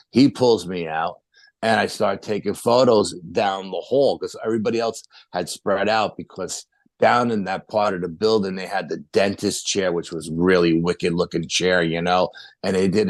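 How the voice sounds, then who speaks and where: Low-voiced man telling a rambling story. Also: no room sound. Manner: rambling, animated, many fillers and restarts. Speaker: paranormal investigator guest. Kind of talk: casual storytelling.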